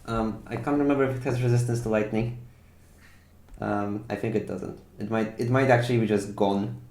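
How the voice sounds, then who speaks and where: A man's voice: lowish voice, fairly even intonation, moderate pace, a little mellow. A young man narrating a tabletop game as game master, rambling with many fillers and restarts.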